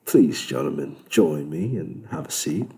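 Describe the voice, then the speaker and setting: A man's voice: rumbling low, animated, a little slow, vocal fry, warm tone, heavily acted. A man voicing a suave, sardonic male devil who runs a club, speaking with a British accent in a smug, lecturing way. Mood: amused.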